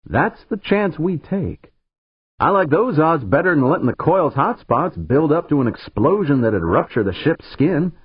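A man's voice: on the high side, sing-song, unhurried, husky, no room sound, voice pushed up, full character voice. A man narrating an audiobook voices a brash, confident young woman pilot in a raised, breezy voice. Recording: narrow phone-like sound, dry.

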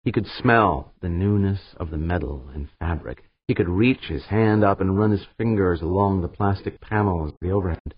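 A man narrating an audiobook in a steady, measured reading style. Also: deep voice, husky, no room sound. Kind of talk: scripted narration. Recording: slightly dull, dry recording.

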